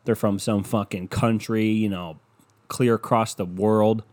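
Speaking at a measured pace in a lowish, slightly mellow voice with a steady tone, a man runs a casual solo podcast. He rambles and swears sarcastically while browsing online maps at his desk, captured by his computer mic.

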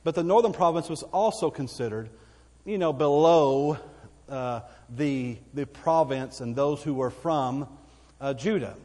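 A man's voice: on the high side, measured pace, darkish tone, in a large hall. A man with a Texan accent preaching a sermon as pastor, folksy and conversational, with asides to the congregation. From Texas.

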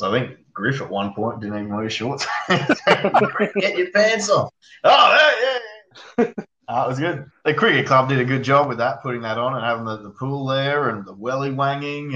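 A man's voice: medium pitch, a bit bright. An Australian man, a podcast guest, chatting casually, laughing often and restarting his sentences. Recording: echoey, dull lo-fi call audio.

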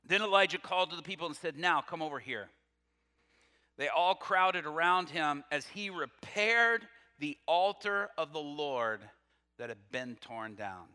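An animated man preaching in a church hall, with a bright, forceful voice pitched a little high. He reads scripture aloud, breaks off into laughing asides and puts questions to the room, and a long reverb trails each phrase. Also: unhurried, clear, resonant tone. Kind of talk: sermon.

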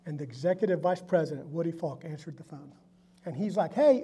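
A man's voice: high-pitched, fairly quick, a little hiss or hum. A middle-aged man, a company founder telling his faith story to a group and acting out the voices in it. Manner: animated storyteller acting out dialogue. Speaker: company founder sharing testimony. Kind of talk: storytelling talk to a live group.

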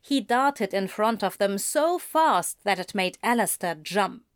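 Slow, measured woman narrator. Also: medium pitch, animated, no echo, clean studio sound. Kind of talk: fan fiction audiobook reading.

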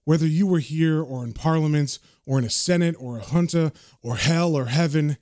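A man voicing a dying, cynical male occult con man in a low, subdued, world-weary tone. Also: normal speed, a little mellow, dry recording, clean studio sound, natural voice. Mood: bitter.

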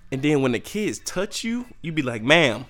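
A young man hosting a podcast, ranting in a profane, animated way with sudden jumps in pitch. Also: moderate pace. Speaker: podcast host. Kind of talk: solo comedic rant.

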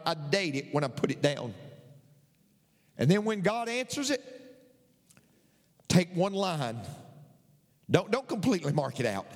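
A preacher man talks to his congregation with a folksy touch, repeating his main points. His voice sits high and swings widely as he takes his time. A long reverb trails every phrase. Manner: folksy, repeats key lines for emphasis. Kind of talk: sermon.

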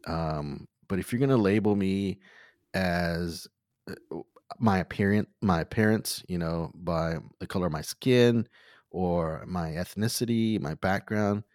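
Deep-voiced man hosting a podcast. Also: unhurried, darkish tone, dry recording, studio quality. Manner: thoughtful, hesitant with many fillers. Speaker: podcast host. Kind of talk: casual conversation.

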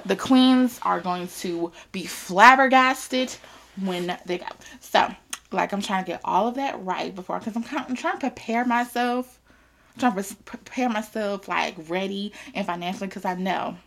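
A woman hosting her own podcast in a casual chat, animated and chatty, swearing freely. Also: medium pitch, gravelly. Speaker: podcast host.

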